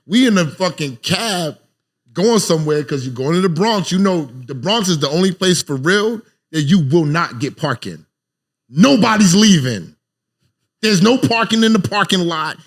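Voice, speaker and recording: Animated New York man telling stories. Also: high voice, normal speed. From South Jamaica, Queens, New York. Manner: profane, animated storyteller, acts out quotes. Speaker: guest. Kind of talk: casual podcast chat.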